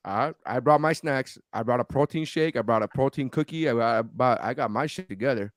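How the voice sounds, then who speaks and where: A man's voice: medium pitch, a little fast, no echo. A man hosting a podcast in casual chat, telling stories with lots of acted-out quotes and plenty of swearing. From Nicaraguan heritage. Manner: animated storyteller, acts out quotes in other voices; swears freely. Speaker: podcast host.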